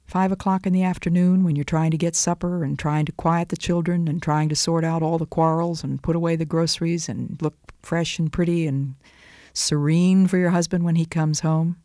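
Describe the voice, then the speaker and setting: A woman's voice: deep voice, moderate pace, dry recording, studio quality. Earnest woman giving a devotional talk. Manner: warm, earnest, expressive storytelling with sudden soft whispers. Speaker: devotional speaker.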